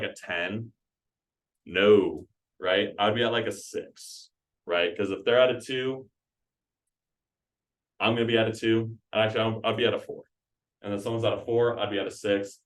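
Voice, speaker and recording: Young male sales trainer, casual and energetic, repeats his points, mic at a distance. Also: medium pitch. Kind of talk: team meeting training talk. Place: meeting room.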